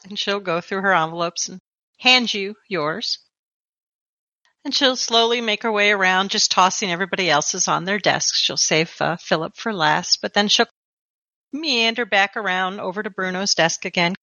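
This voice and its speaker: A woman running a tabletop game as game master, narrating in an unhurried, descriptive way. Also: mid-range voice, bright, forceful tone, no room sound, highs cut off.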